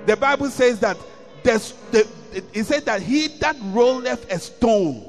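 A man's voice: extremely high pitch, animated, measured pace, big-room sound, soft background music. A man preaching a sermon, reading scripture and repeating key lines with rising emphasis.

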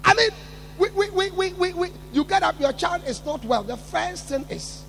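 At a moderate pace, this male preacher works through his sermon in a very high, animated voice with a raspy, gravelly edge and big pitch swings. Repetition drives his emphatic build as he rises toward shouting. Underneath, there's a faint electrical hum.

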